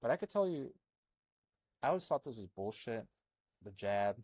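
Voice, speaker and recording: A man's voice: medium pitch, very animated, normal speed, darkish tone, dry recording. A young man from Albania, working as a health coach, talking bluntly in a rambling casual monologue full of fillers, recorded on a close mic.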